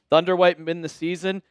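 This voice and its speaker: A man's voice: sits high, clean tone, no room sound, studio quality. A man hosting a casual livestream who jokes around and talks to viewers by name. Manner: jokey, chatty, addresses viewers by name. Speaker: host.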